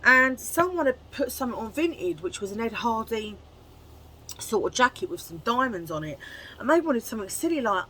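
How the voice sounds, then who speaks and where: A woman's voice: a little high, big pitch swings, sharp tone, slight background noise, low-quality recording. Chatty woman vlogging at home. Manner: chatty and chummy, with quick asides. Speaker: haul vlogger. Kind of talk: casual chat to camera.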